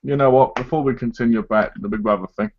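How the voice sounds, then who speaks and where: A man's voice: medium pitch, fast talker. Chatty man hosting a live chat, lo-fi. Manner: chatty, acts out other people's lines as he talks. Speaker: live stream host. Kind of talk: casual chat. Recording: dull lo-fi stream audio.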